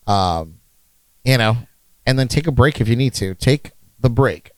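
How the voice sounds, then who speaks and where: A man's voice: medium pitch, lively intonation, a little slow, no room sound, poor audio. A man hosting a casual podcast, joking and laughing at himself as he talks. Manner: jokey, laughs often, self-deprecating. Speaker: podcast host. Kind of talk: casual chat.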